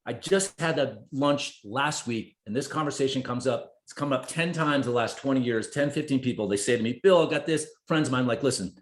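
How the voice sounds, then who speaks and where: A man in his fifties from New Jersey, a podcast guest telling stories in an animated way, swearing freely and acting out his own inner voice. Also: mid-range voice, a little fast, few pauses. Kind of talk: conversational storytelling. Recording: roomy echo.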